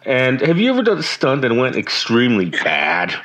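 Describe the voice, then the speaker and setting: A man's voice: mid-range voice, wildly swooping pitch, normal speed, fairly bright tone, low-quality recording. A man interviewing a guest in a casual chat, reacting often with short remarks.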